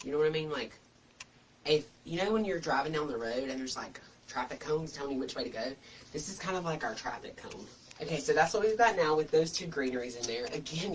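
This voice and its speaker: A man's voice: on the high side, distant mic, poor audio. A man talks through a craft tutorial in a chatty, homespun way. He sits a little back from the microphone. A light hiss of background noise runs under his voice. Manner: chatty and folksy, full of homespun comparisons. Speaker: wreath-making host.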